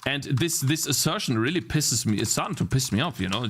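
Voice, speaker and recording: A man's voice: medium pitch, expressive, a little fast, a bit bright, slight background noise. A young man streaming his game programming, talking to chat while he debugs, muttering to himself and swinging between irritation and delight. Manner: swears and mutters repeated phrases to himself. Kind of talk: live coding stream chat.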